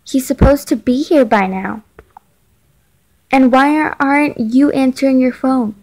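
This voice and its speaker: A scared teenage girl, read aloud by a woman, asks worried questions that pile up while she waits for help. The voice sits a little high, and the lines come slowly and carefully. It sounds like someone reading a chat story aloud. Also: a little mellow, rough recording. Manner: frightened, pleading questions. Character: anxious teenage girl texting her mother.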